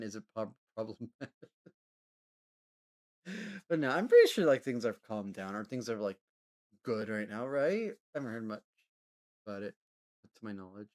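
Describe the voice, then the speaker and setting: A man chatting casually with his live-stream audience, rambling with lots of fillers and frequent laughter. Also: medium pitch. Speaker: livestreamer.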